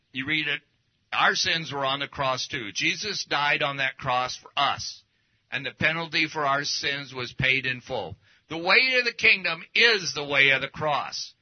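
A man preaching a casual teaching sermon, folksy and anecdotal, talking through slides as he goes. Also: a little high. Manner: folksy, anecdotal, speaks while showing slides. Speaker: pastor. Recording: dull lo-fi recording.

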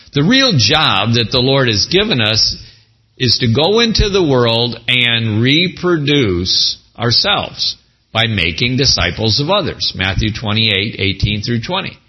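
A man preaching a sermon as a pastor, animated, with folksy asides. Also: medium pitch, breathy edge, lo-fi sound.

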